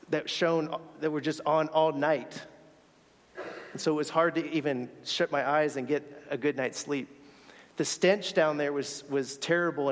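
A man's voice: a little high, long reverb tail. A man telling a personal story in a sermon, earnest and reflective, sometimes restarting his words. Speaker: speaker sharing a faith story.

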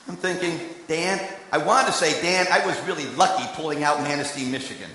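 A man preaching in a large hall, his voice bright and forceful. His story moves between hushed asides and strong emphasis, and every word rings out with a long, echoing reverb. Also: fairly high pitch, expressive, fast talker, few pauses. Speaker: preacher and candidate recruiter. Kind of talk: sermon.

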